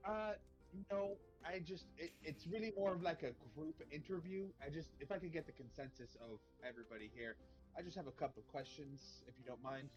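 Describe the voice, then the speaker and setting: A man playing a tabletop role-playing game, talking in character in a flattering, rambling way with stammering restarts. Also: on the high side, fairly quick, muffled recording, soft background music. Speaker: player.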